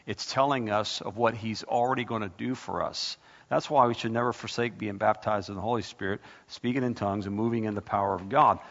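A male pastor preaches with a gravelly edge, driving his points home with repeated rhetorical questions. The sound is dull and carries a long church echo. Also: fairly low pitch. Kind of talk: sermon.

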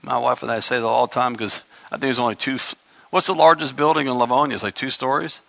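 A man's voice: mid-range voice, steady tone, fast talker, vocal fry, fairly bright tone, no echo, highs cut off. A man preaching a sermon as pastor, emphatic, with joking asides to his congregation.

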